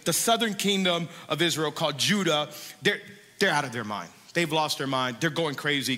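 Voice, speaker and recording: A male pastor preaching a conversational, animated sermon in a church hall. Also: fairly high pitch, normal speed. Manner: animated, conversational, with rising sung emphasis. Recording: echoey hall.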